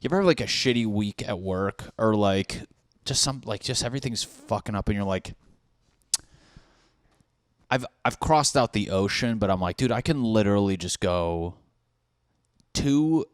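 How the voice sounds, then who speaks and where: Hosting his own podcast, a young man with a lowish, expressive voice rants solo at a moderate pace, pausing often. He riffs and rambles, swears plenty, and acts out bits of dialogue, all in echo-free studio quality.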